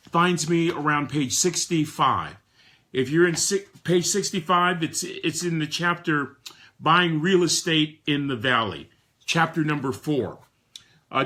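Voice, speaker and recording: A man in his sixties giving a motivational talk to a live audience, emphatic, with frequent repeated words and swings between soft and loud. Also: a little high. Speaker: motivational speaker.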